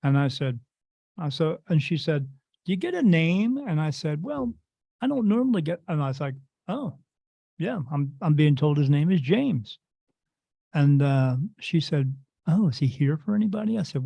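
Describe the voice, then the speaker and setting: A man's voice: fairly high pitch, creaky, no room sound, highs cut off. A man who works as a medium, telling stories casually in an interview and acting out the voices of the people in them. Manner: animated storyteller acting out quoted voices.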